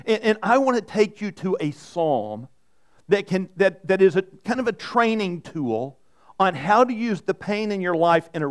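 Male preacher, higher-pitched voice, earnest, stumbles and restarts. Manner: repeats words and restarts often, earnest. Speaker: pastor. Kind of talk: sermon.

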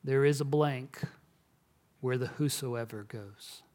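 Slow, earnest male pastor preaching. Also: mid-range voice. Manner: earnest, measured, drops to a hush at solemn moments. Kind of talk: sermon.

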